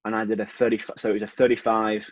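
A man's voice: lowish voice, quick pace, no room sound, highs cut off. A young English man, a swimmer being interviewed, talking casually and easily with lots of "you know". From England. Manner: relaxed, chatty, frequent "you know". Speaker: swimmer, guest.

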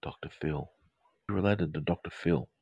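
A man's voice: low-pitched, moderate pace, vocal fry, darkish tone, breathy edge, dry recording, muffled recording. Jokey mature man with an English-Australian accent. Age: middle-aged. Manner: playful, rambling, jokey asides. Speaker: psychotherapist. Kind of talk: live social media chat with viewers.

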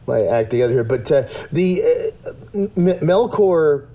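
A man talks through ideas in an earnest, rambling way, restarting often. His voice sits a little high but has a mellow, warm colour. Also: expressive, measured pace. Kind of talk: casual theological discussion.

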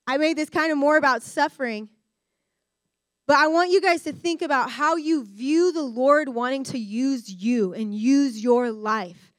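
A young adult woman giving a candid, animated personal-story sermon to students as a guest speaker. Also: high-pitched, measured pace, dry recording. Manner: candid, animated storyteller who addresses the room directly. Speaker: guest speaker at a discipleship school.

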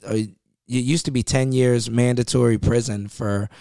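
Podcast guest, man from Ohio, mid-pitched, slangy storyteller, dry close sound. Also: steady tone, moderate pace, creaky, warm tone, dry recording. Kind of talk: casual podcast chat.

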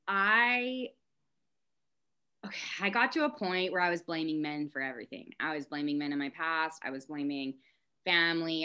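A woman speaking as a podcast guest, frank and impassioned, talking in rushes and drifting into tangents. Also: sits low, bright, forceful tone, smooth. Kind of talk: candid podcast conversation.

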